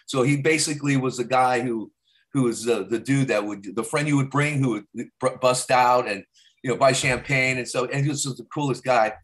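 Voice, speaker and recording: A man's voice: mid-range voice, brisk. A middle-aged stand-up comedian from Arizona talks through his old road stories in loose, rambling fashion. He has a mid-range male voice and trails off and restarts as he remembers. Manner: rambling, slips into loud character voices for quotes. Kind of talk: casual storytelling interview.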